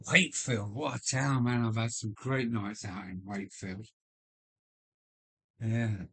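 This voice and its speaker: A man's voice: lowish voice, steady tone, a bit bright, husky. An older man from Kent with a Kent accent, chatting casually and rambling on a livestream. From Kent, England. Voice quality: slow and rambling, with frequent restarts and fillers. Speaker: livestream host. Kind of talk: casual chat. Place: home loft.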